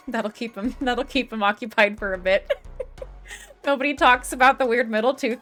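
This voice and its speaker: With faint music behind her, a young woman streams and chats casually at normal speed, her voice on the high side and fairly bright. She curses and laughs frequently, though her voice is starting to fail.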